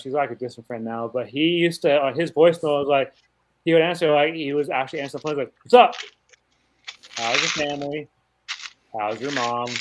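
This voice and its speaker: A young man co-hosting a podcast and telling loose, rambling stories from his life. His voice is a little high. He acts out bits of dialogue as he goes. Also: poor audio. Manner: rambling anecdotes with acted-out quotes. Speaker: podcast co-host. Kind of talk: casual storytelling.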